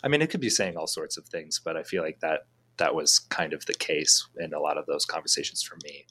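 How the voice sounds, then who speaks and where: A young man appears as a podcast guest in a casual chat, rambling through long anecdotes full of fillers and restarts. His bass voice swings widely in pitch and is bright, forceful and slightly breathy, with a brisk pace.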